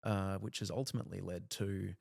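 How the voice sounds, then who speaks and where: A man's voice: low-pitched, steady tone, brisk, creaky, a little mellow, husky, dry recording, clean studio sound. An Australian man in his thirties, a TV journalist guest chatting casually on a podcast, rambling with lots of restarts and fillers.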